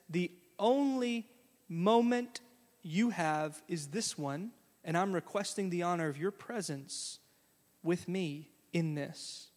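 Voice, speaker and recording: A man preaching to his congregation in a high, bright voice. He is folksy and conversational, slipping into animated little quotes. The sound rings with the long tail of a big hall. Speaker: pastor. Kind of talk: sermon.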